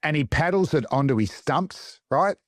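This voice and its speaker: A middle-aged Australian man, a former fast bowler, telling cricket stories on a podcast and acting out the quotes with laughs. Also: on the high side, dry recording, studio quality. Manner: animated storyteller, acts out quotes in other voices, laughs often. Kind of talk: casual anecdote-telling chat.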